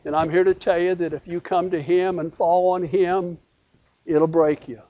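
A man preaching a sermon, swinging from loud emphatic lines to hushed quotations, with repeated cadences. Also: sits high, level tone, moderate pace. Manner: repetitive cadence. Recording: dull lo-fi recording.

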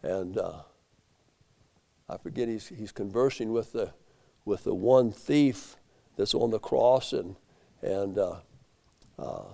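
A man preaching a sermon, swinging from low, quiet asides up to loud emphatic peaks. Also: slow, vocal fry, long pauses. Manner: rising to emphatic peaks, then dropping low.

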